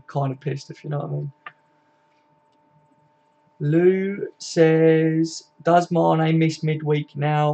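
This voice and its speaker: A man's voice: on the high side, darkish tone, dull audio. A young man hosting a casual live stream, chatting and reading out viewer comments, with lots of tag questions and "mate". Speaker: fan channel host.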